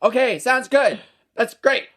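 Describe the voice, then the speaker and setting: A man voicing a high-pitched, easygoing backcountry Canadian guy while reading an article aloud. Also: expressive, unhurried, bright, forceful tone, exaggerated voice. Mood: goofy. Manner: reads an article aloud in a high squeaky put-on voice. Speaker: podcast co-host.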